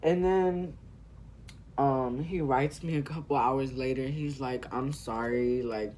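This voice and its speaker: A man's voice: medium pitch, steady tone, takes it slowly, a little mellow, slight background noise. A teenage man from California, telling a rambling story full of profanity while doing his makeup on camera. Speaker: vlogger.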